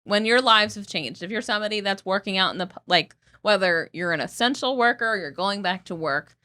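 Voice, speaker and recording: A woman's voice: medium pitch, fairly quick, pushed and bright, dry recording. Teasing young woman podcaster, dry sound. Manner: teasing, laughs while talking, swears casually. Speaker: podcast co-host. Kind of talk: casual comedic podcast banter.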